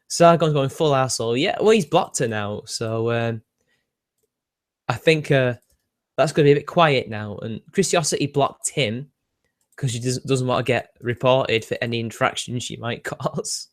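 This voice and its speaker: A man's voice: mid-range voice, normal speed. A young British man with a British accent, hosting a casual livestream and answering chat with sardonic asides and frequent laughs. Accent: British English. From Britain. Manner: chatty, sardonic, laughs often, answers viewer questions. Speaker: livestream host reading chat.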